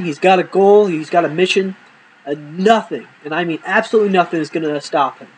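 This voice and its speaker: A man's voice: a little high, slight background noise, rough recording. A man telling rambling, profane comic stories from his life and acting out the dialogue. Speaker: comedy storyteller. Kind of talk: casual comedic storytelling.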